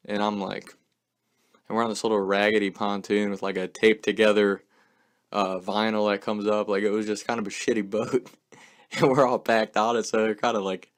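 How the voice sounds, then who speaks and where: A young man casually telling a story, swearing often and filling his speech with "like.". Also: on the low side. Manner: swears a lot, fills speech with "like".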